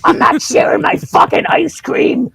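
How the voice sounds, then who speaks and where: A man putting on the voice of a furious, petty grown man who rants and refuses to share, in a strained, raspy, shouting voice. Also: measured pace, dry recording, lightly acted.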